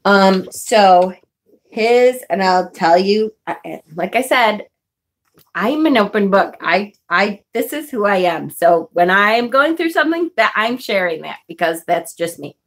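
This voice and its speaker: A woman's voice: mid-range voice, lively intonation, a little slow. A woman vlogger telling a personal story in a casual, chatty way, swearing and laughing often.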